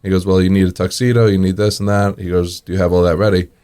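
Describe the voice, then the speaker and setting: A man's voice: low voice, little pitch movement, quick pace, dark tone, smooth. A man, a restaurant owner telling casual stories in an interview, acting out the dialogue and chuckling often. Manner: acts out quoted dialogue in anecdotes, chuckles often.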